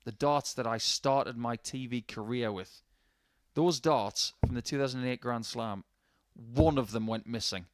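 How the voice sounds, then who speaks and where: A man's voice: medium pitch, a little slow, no echo. Chatty male darts commentator. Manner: chatty, anecdotal, jokey asides. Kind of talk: live sports commentary.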